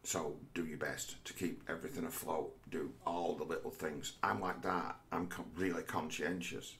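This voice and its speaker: A man giving a rambling personal monologue, halting and repeating words, with the odd curse. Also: deep voice, fairly even intonation, creaky, fairly bright tone, slight background noise. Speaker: vlogger.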